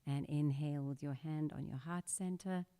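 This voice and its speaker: A woman gently guiding a breathwork meditation in a church sanctuary, speaking in a soft, calm, instructive way. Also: low voice, moderate pace, clean tone. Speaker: meditation leader. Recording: long reverb of a large hall.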